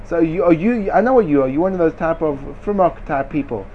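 A man's voice: a little high, animated, fast, muffled recording, a little hiss or hum. Man firing rhetorical questions in a Talmudic debate. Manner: argumentative, fires rhetorical questions; sprinkles Hebrew and Yiddish yeshiva terms. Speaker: Torah teacher. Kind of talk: lively Talmudic-style discussion.

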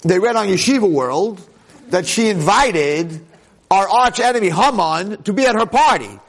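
A man giving a storytelling Torah lecture as a rabbi, dramatic and conversational, swinging from hushed lines to excited exclamations. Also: high voice, moderate pace. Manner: conversational, with frequent asides.

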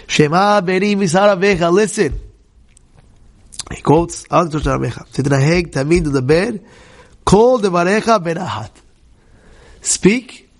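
Lively high-voiced rabbi teaching. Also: male voice. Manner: animated, acts out shouting examples, mixes Hebrew quotes with English. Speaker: rabbi teaching a Torah class. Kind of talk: lively Torah class.

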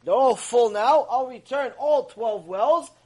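A devout, generous benefactor, played by a man telling the story, who speaks earnestly and pleads in prayer. The voice is high for a man and sincere. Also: measured pace, darkish tone, rough recording. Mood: persuading.

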